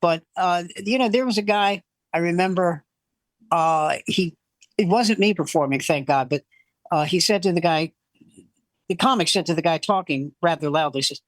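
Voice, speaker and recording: A man in his seventies or older, a veteran comedian telling animated club stories and acting out the voices in them. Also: fairly high pitch, normal speed, dry recording. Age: 70s or older. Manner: animated storyteller who acts out quoted voices. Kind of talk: casual anecdote telling.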